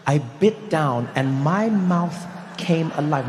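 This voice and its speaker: A man doing stand-up in a large live venue, telling a story with animated delivery and shouted punchlines. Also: on the high side, slow pace, background noise. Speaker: stand-up comedian. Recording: live show in a reverberant venue.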